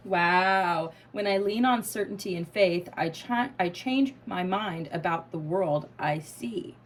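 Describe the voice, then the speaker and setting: This tarot reader has a lowish voice and takes it slowly, in a low-quality recording. Reading cards casually to camera, she speaks emphatically, swears freely, laughs, and gets emotional.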